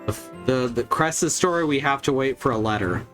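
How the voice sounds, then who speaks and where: A man streaming a game who rambles along in a casual, wry way and swears freely. His pitch sits in the middle range for a man. Faint music plays behind him. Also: expressive, moderate pace, a bit bright. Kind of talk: casual gameplay chat.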